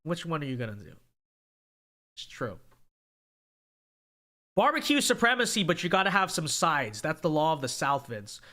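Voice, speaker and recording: A young man from California runs a casual livestream and reads viewer comments out loud. His voice is bright and rather high for a man, and his pitch swings a lot as he drives his points home. He talks emphatically and keeps checking in with "okay?". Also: sing-song, moderate pace, long pauses. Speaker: livestream host reading viewer chat.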